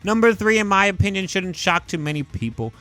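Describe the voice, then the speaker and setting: Animated young man ranting with lots of "like". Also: sits high, a little fast, no room sound, faint music behind. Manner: animated, heavy use of "like", emphatic rants. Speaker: YouTube movie commentator. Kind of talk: casual ranking commentary.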